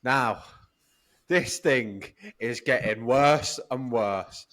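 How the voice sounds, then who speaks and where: A British man with a mid-pitched voice, co-hosting a casual sports podcast. He jokes and teases his co-host and keeps coming back to his pet phrases. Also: drawn-out words, a bit bright. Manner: joking, teasing, repeats catchphrases.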